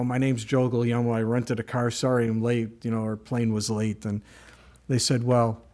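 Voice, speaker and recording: Man preaching a casual sermon. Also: mid-range voice. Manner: storytelling, animated in anecdotes. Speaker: pastor.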